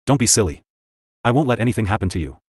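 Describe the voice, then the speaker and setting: A man's voice: lowish voice, very animated, fast, a little mellow, husky, no room sound, studio quality. A man reading a cool, assured young noblewoman. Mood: soothing. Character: young noblewoman, calm, protective, mocking.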